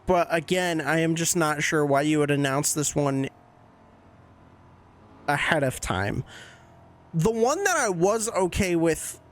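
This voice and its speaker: A man with a fairly high voice hosts a laid-back podcast. He talks in a chatty, candid way, with the odd swear word dropped in. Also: expressive, unhurried, long pauses. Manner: chatty, candid fan opinions with casual swearing. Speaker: podcast host. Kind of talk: casual wrestling commentary podcast.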